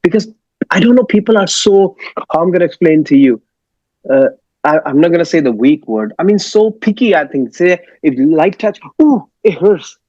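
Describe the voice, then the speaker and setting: A man talks haltingly, filling gaps with "uh" as he hunts for the next word. The audio is dull and dry, without any room sound. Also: a little high, lively intonation, a little mellow, dry recording. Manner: halting, many fillers, searching for words. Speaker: martial arts actor, guest. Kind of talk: casual interview talk.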